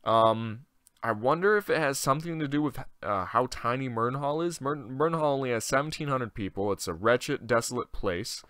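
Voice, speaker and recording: Young male gaming host, bright, forceful voice; loose, profane, thinks out loud. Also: mid-range voice, lively intonation, normal speed, smooth, no room sound, clean studio sound. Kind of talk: casual let's-play commentary.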